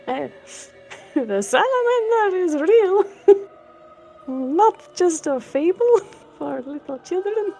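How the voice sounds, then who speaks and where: A woman's voice: very high-pitched, sing-song, mellow, soft background music, pitched above the performer's own voice, exaggerated voice. A woman voicing an emotional male lizard warrior who sobs and stammers through his words. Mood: shaken. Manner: sobbing, halting, stammering.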